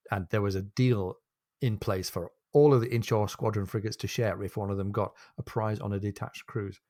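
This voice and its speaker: A man's voice: mid-range voice, a little mellow, no room sound. Guy on a book podcast summing up the plot, reading bits out, mid voice, super dry close mic. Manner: retells the plot and reads from the text, then hands over with a question. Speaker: podcast co-host.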